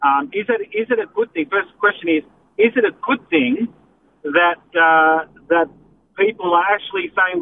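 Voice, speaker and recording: A man calling in to a radio show, hesitant and full of pauses. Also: high-pitched, expressive. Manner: hesitant, lots of uh and um. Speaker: caller. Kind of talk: call-in radio talk. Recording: tinny phone line with faint noise.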